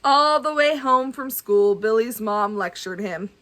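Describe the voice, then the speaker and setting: A woman reading a children's book aloud, adding gentle, chatty asides for kids. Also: on the high side, expressive, measured pace. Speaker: storybook reader.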